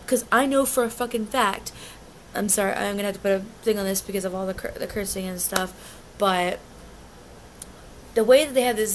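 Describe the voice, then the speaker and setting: A woman's voice: mid-range voice, a little hiss or hum. A young woman telling a concert story in a casual vlog, agitated and rambling, often restarting and swearing. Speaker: concert fan recounting an experience.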